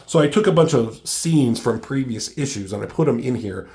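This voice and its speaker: A man's voice: medium pitch, animated, normal speed, hardly any pauses, dark tone. Casual man walking through his own comic. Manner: loose, many fillers like "like" and "um". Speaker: comic creator reviewing his own book. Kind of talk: casual chat.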